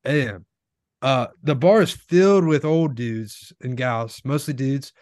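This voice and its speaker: A man's voice: medium pitch, unhurried, a little mellow, dry recording. Rambling man, dry close sound. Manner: rambling, heavy use of filler words. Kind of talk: casual chat.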